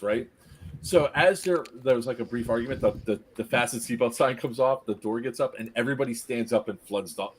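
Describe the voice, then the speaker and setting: A man's voice: medium pitch, slight background noise. A man telling a story in casual chat, acting out the quotes and laughing often. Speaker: podcast host telling a story.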